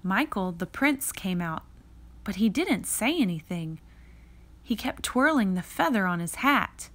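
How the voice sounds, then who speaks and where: A woman reading a children's picture book aloud in a slow, expressive read-aloud manner. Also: mid-range voice. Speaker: reader.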